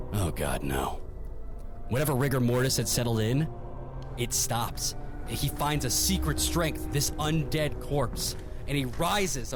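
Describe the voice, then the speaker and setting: A man at a mid pitch narrates as game master for a tabletop game. He tells the story in a vivid, jokey way, with plenty of swearing.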